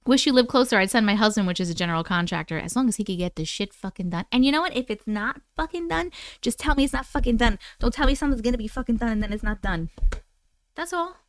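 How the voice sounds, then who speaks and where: Fast-talking and on the high side, a woman with an Oklahoma accent vents on her casual livestream, reading chat with lots of swearing, laughter, and animated exasperation. Clean studio sound, no room sound.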